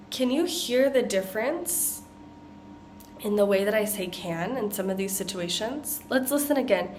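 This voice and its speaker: A woman with an American accent teaching pronunciation, modeling tongue twisters slowly and deliberately. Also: mid-range voice, expressive, a little mellow, a little hiss or hum. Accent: General American. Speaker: accent coach. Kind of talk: pronunciation lesson.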